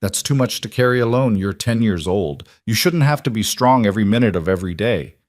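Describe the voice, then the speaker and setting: Male narrator as stubborn, caring pioneer woman; firm, gentle, dry. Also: fairly low pitch, expressive, a little fast, no echo, close to an everyday voice.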